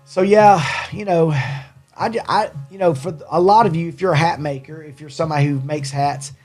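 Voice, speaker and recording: Guy rambling on a livestream, voice a bit on the high side, chatting to viewers. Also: fairly even intonation, normal speed, a little mellow, faint music behind. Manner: rambling, reads and thanks live chat. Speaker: livestream host and small business owner. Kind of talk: casual livestream chat.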